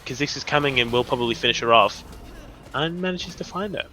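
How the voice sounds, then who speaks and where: Young aussie guy shoutcasting, bright voice, swings up and down a lot, gets excited and loses his words. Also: medium pitch, a little fast. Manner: excitable, rambling, trips over his words. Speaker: esports caster. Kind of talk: live game commentary.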